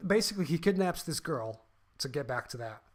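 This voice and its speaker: A man's voice: fairly high pitch, lively intonation, a little fast. A man co-hosting a podcast, talking casually and animatedly about a film, swearing freely and acting out quotes. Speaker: podcast co-host.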